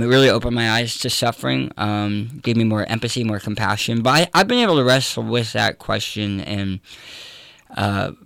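A young adult man with a slight lisp, telling his story in an earnest, halting way as an interview guest. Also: lowish voice, vocal fry, fairly bright tone, dry recording. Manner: earnest, halting, many restarts. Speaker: guest, comedian and preacher.

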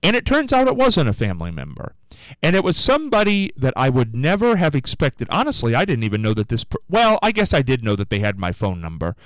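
A man hosting a morning call-in radio show, telling rambling stories in a chatty, animated way. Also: medium pitch, brisk, no echo, poor audio. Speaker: radio talk show host. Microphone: studio microphone.

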